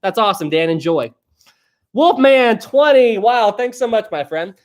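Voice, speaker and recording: A man's voice: high voice, lively intonation, brisk. A young man hosting a live stream, chatting casually and rambling as he reads viewer questions. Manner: rambling and chatty, often laughing. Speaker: livestream host.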